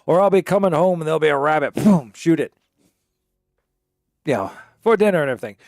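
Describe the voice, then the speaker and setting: A man's voice: a little high, expressive, fast, a little mellow, dry recording, clean studio sound, pitched above the performer's own voice. A man voicing a friendly, talkative farmer in a told joke, speaking with easygoing reassurance. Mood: reassuring. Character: friendly chatty male farmer with a shotgun.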